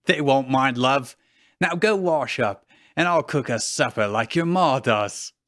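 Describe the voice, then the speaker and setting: A man's voice: medium pitch, lively intonation, a little slow, a bit bright, no echo, clean studio sound. A man voicing a creepy, over-sweet English pop singer with a put-on Manchester accent. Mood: smarmy.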